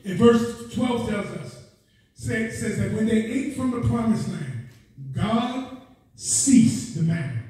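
A man preaching a sermon in a passionate, repetitive cadence, rising to shouts and often crying out "oh God" between phrases. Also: high-pitched, lively intonation, slow pace. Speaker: guest preacher. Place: church sanctuary. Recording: echoey church from far off.

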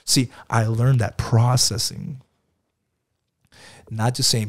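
A man in his thirties speaking as a guest in a casual interview, relaxed and conversational, often calling the host "bro". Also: mid-range voice, unhurried, long pauses. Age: 30s. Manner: casual, peppers talk with "bro". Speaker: guest entrepreneur.

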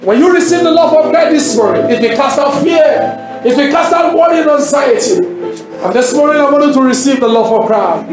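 A man from Nigeria preaching a sermon as a pastor, emphatic, often shouting and repeating his calls to the congregation. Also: very high voice, animated, fairly quick. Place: church hall. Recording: echoey hall with music behind. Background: instrumental music.

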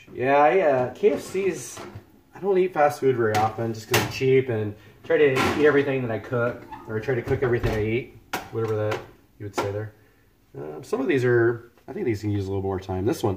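A man's voice: mid-range voice, a little hiss or hum. A man chatting casually on a cooking livestream, joking and thanking viewers by name. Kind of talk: casual live-stream chat while cooking. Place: home kitchen.

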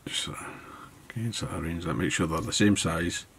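A man's voice: sits low, fairly quick, a bit bright, slightly rough. A man with a Scottish accent narrating a fly-tying tutorial at his tying desk in an easygoing way, thinking aloud as he works. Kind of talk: tutorial narration while working.

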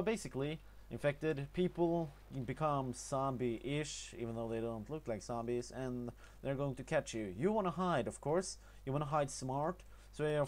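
Halting young man, Norwegian accent. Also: medium pitch, darkish tone. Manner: halting, many fillers and restarts. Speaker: gaming tutorial narrator. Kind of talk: casual gameplay voice-over.

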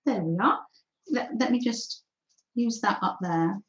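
On a lo-fi recording with a little hiss or hum, a craft livestream host talks at medium pitch and a slightly slow pace. She chats and thinks aloud as she paints in a live mixed-media art demo, reading viewers' comments aloud and thanking them.

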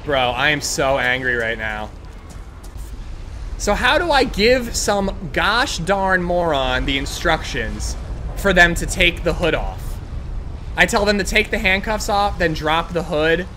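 A man giving gameplay commentary, excitable and ranting with frequent swearing. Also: a little high, measured pace, a little hiss or hum. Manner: excitable, swears freely, rants in frustration. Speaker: gaming video creator.

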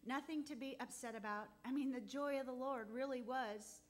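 A woman giving a heartfelt, halting testimony in church, close to tears at times. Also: sits high. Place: church sanctuary.

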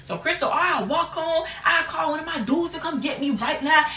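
Woman in her 20s, bright high voice, lively storytime vlogger, echoey room with the mic set back. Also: moderate pace, recorded from a distance. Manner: animated, acts out quotes in high bursts. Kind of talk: casual storytime.

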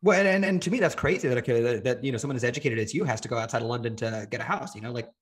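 A man talking casually as a podcast guest, rambling quickly with lots of filler words. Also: medium pitch, breathy edge. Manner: fast, rambling, frequent "like" fillers. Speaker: podcast guest, data engineer. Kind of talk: casual interview chat.

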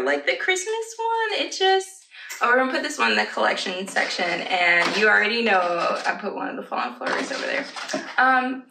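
A woman's voice: high-pitched, expressive, normal speed, creaky, sharp tone, slight background noise. A woman vlogger chatting casually at home, giggling and trailing off into asides to her pets. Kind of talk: casual haul chat to camera. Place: at home, indoors. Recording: roomy, slightly distant home audio.

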